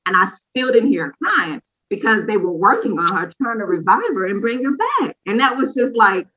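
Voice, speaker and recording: A woman's voice: mid-range voice, very animated, normal speed, pushed and bright, poor audio. A woman in her thirties, a podcast co-host, candidly telling a personal story in a rambling, casual way with frequent asides. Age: 30s.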